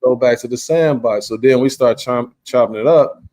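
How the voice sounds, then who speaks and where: A man's voice: medium pitch, normal speed, darkish tone. A man hosting a podcast, telling rambling, laid-back stories in casual chat. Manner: rambling, laid-back storytelling with frequent "you understand". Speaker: podcast host.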